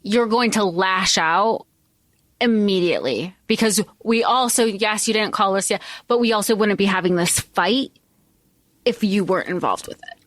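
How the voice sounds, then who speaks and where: A woman's voice: medium pitch, moderate pace, a bit bright, no room sound. A woman co-hosting a podcast, chatting casually about a book with lots of filler words. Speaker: podcast co-host.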